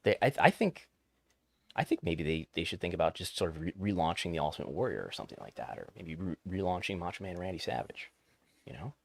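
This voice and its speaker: A man's voice: low voice, very animated, fast, vocal fry. A man hosting a podcast, chatting casually about the news with wry, joking asides. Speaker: podcast host.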